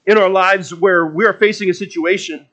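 A man's voice: sits high, fairly even intonation, moderate pace, a bit bright. A man preaching a sermon in a conversational, storytelling way, often restarting his phrases.

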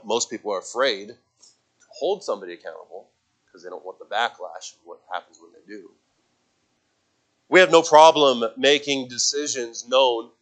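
A male youth pastor delivering a sermon in a voice of ordinary pitch. He speaks earnestly and haltingly, restarting phrases and repeating words, then pushes into emphatic calls to speak up. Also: fairly bright tone.

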